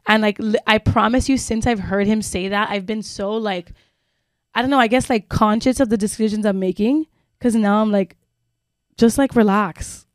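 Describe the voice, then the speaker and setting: A woman's voice: mid-range voice, moderate pace, dry recording. A woman co-hosting a chatty podcast, spinning a long personal story full of "like" and casual swearing. Her voice sits in a middle register. The recording is dry and close, with no room sound. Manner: rambling storytelling with many fillers and swearing. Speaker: podcast co-host. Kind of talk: casual chat.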